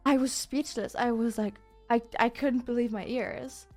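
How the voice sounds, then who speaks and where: A woman's voice: fairly high pitch, normal speed, few pauses, faint music behind. A young woman from Germany with a German accent, a streamer casually telling a story to her chat, acting out the people in it and cursing freely. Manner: animated, acts out quotes, swears, many fillers.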